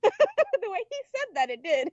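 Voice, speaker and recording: A woman playing a tabletop game, chatty and quick to laugh. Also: very high-pitched, huge pitch swings, no echo, dull audio. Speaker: player. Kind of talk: casual tabletop play.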